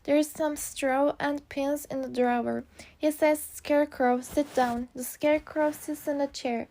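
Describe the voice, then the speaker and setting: A woman's voice: sits high, steady tone, a little slow, gravelly, dark tone, a little hiss or hum. A woman narrating a simple storybook for English learners, reading in a plain, careful way.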